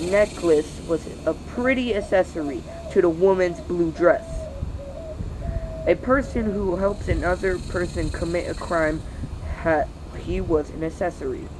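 Someone slogging through a dictionary out loud, real slow, tripping on words, sighing, faint hiss behind. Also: mid-range voice. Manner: halting, stumbling over words with weary sighs. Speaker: channel host reading aloud. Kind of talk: reading a dictionary aloud.

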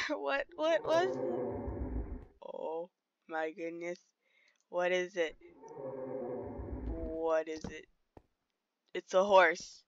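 A woman's voice: fairly low pitch, animated, drawn-out words, long pauses, background noise. A woman giving casual, chatty commentary while playing a game, easily startled and talking to the animals around her. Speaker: gamer streaming play. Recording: dull lo-fi sound.

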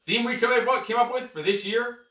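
A man co-hosting a motivational show, ranting bluntly with heavy swearing and sudden shouted bursts. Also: very high voice, fairly quick, distant mic. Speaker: podcast co-host, coach. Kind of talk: profane motivational rant. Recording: echoey room, off-mic.

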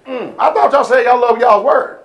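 Preacher guy w a high voice, speaks aave, yells then goes quiet, fiery sermon. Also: normal speed. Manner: preaching loud with sudden shouts and drops. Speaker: pastor. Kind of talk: fiery call-and-response sermon.

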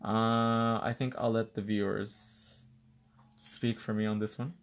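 A man's voice: fairly low pitch, level tone, takes it slowly. A man hosting a live nail tutorial, explaining each step while bantering playfully with a co-host and viewers and slipping in the odd bit of Spanish.

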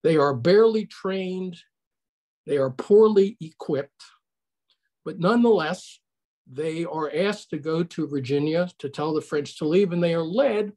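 Husky older man giving a lecture. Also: fairly high pitch, mellow. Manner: conversational, asks the audience questions. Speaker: history lecturer. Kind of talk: online history lecture. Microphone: video call.

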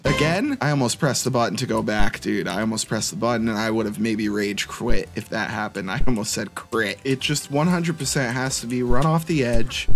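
A young man giving let's-play commentary, muttering in frustration at a hard game and saying "dude" a lot. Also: mid-range voice. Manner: says "dude" constantly. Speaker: gaming YouTuber.

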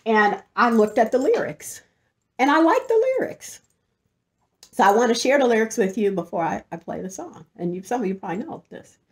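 A middle-aged woman hosting a show, telling a story in an animated way and often breaking into laughter. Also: medium pitch, fast talker, few pauses. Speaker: host. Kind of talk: storytelling monologue.

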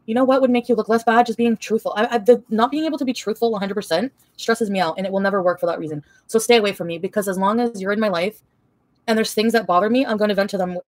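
A woman's voice: medium pitch, no echo. A young woman livestreaming an angry, profane, rambling rant full of fillers.

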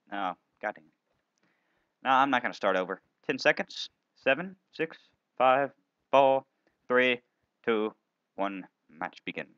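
A man playing a video game and commentating, excitable, playful, often yelping and exclaiming. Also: medium pitch, no echo, highs cut off. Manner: silly, playful banter at other players. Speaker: gaming video host.

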